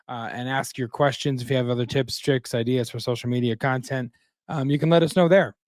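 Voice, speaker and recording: A man's voice: medium pitch, darkish tone, dry recording, clean studio sound. A man co-hosting a casual podcast, wrapping up with plugs and dad jokes. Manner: jokey, tells dad jokes. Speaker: podcast co-host.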